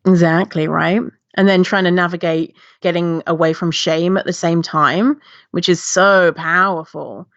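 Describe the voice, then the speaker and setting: A woman guest telling her personal story with animation, acting out past reactions in a high voice. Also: steady tone, unhurried, dry recording, lo-fi sound. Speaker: podcast guest, body-image activist.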